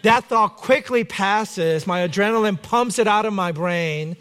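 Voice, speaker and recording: A man, a pastor, preaching a sermon and telling a lively personal story in a church, sometimes shouting out the lines. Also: sits high, unhurried, clean tone. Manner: animated anecdote with acted shouts.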